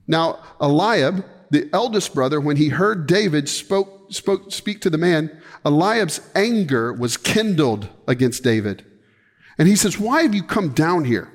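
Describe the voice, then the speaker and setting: A man preaching a sermon, retelling a scripture story with lively acted-out quotes and casual slang asides. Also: high voice, in a large hall. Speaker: pastor.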